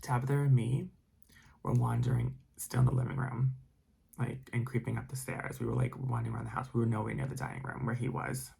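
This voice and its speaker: Man, casual spooky storyteller, rambling with fillers, dark mellow tone, gravelly. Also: mid-range voice, huge pitch swings, fairly quick. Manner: rambling, many "like" fillers, drops to whispers. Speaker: storytime narrator.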